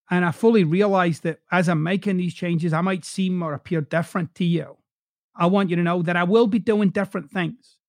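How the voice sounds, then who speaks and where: A man's voice: high voice, creaky, dry recording, studio quality. Blunt Scottish man hosting a podcast. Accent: softened Glasgow Scottish. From Scotland. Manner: blunt, swears freely, direct coaching tone. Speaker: podcast host. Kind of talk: motivational podcast monologue.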